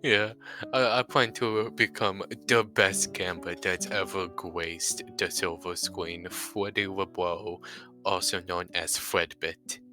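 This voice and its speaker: A man's voice: sits low, slow, faint music behind, full character voice, rough recording. A man doing easygoing mate-saying Clive. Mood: boastful. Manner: relaxed, says mate often.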